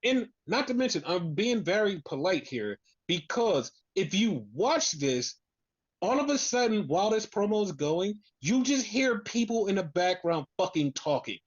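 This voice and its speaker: Podcast co-host, casual chat, profane ranting, lively swooping pitch, dull lo-fi sound. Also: moderate pace.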